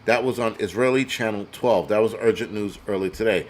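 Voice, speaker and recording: A man's voice: fairly low pitch, fast talker. Crude ranting male prepper host. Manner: reads donor names aloud. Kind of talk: profane live-stream commentary.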